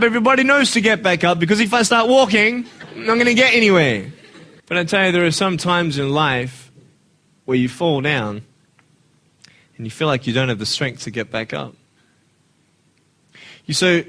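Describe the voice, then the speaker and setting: A man giving a motivational speech to a live audience. He swings between hushed and loud and keeps asking rhetorical questions. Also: medium pitch. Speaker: motivational speaker.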